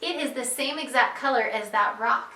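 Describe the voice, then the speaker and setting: Woman, preschool teacher, slow and clear, encouraging questions, fairly high voice, echoey room. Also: pushed and bright. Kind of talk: online preschool reading lesson.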